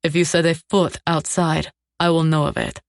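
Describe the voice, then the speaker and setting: A woman voicing a cold, commanding male crime boss who speaks calmly and with clipped threat. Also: low-pitched, normal speed, creaky, dry recording. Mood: menacing.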